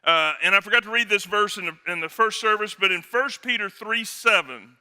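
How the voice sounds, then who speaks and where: A middle-aged male pastor preaching with a high, ringing voice. He keeps it conversational, tossing in quick jokes and asides as he talks to the men in the room. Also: pushed and bright, smooth. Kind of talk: sermon.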